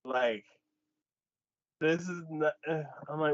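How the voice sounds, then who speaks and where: A man's voice: normal speed, no echo. A man hosting a casual anime chat, retelling an episode and acting out the characters' lines. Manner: animated retelling, acts out characters' lines with pitch jumps. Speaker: anime podcast host. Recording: dull lo-fi dry sound.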